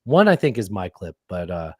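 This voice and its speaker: Podcast host man, jokey and animated, dry studio sound. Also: low-pitched, normal speed, slightly rough, no echo. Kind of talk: casual podcast chat.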